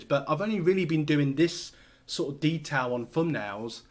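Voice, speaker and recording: A man's voice: fairly high pitch, brisk. A man hosting a casual screen-share tutorial, talking loosely with lots of fillers and restarts as he works. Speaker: host.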